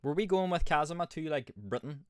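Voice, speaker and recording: A man's voice: on the high side, lively intonation, brisk, slight background noise. A man with an Irish accent, a streamer giving casual, sweary, offhand commentary on a game.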